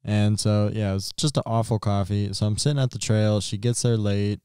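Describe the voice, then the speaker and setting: Young male podcast co-host, relaxed rambling storyteller, mellow low voice. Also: moderate pace, smooth, dry recording, studio quality. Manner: laid-back storytelling with frequent fillers. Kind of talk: casual chat.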